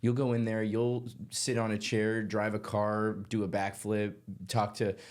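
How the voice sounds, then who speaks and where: A man's voice: on the low side, monotone, a little slow, crowd noise. A man hosting an acting podcast, talking in a chatty, reflective way and laughing easily with his guests. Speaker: podcast host. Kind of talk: casual interview chat.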